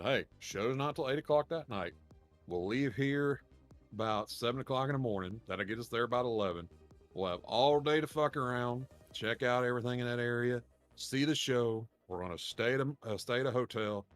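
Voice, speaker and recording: A man with a drawl tells a long, meandering story on a podcast. He swears freely, restarts his sentences and laughs at his own tale. Faint music sits in the background. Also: medium pitch. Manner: rambling, profane, laughs while telling stories. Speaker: podcast co-host. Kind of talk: casual storytelling chat.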